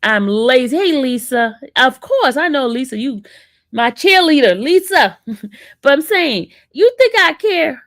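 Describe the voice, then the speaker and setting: A woman's voice: sits high, animated, unhurried, fairly bright tone, no room sound, clean studio sound. Sassy East Coast woman livestreaming. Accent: East Coast American. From northern US. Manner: sassy, teasing, talks back to chat. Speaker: livestream host. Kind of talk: casual livestream chat with viewers.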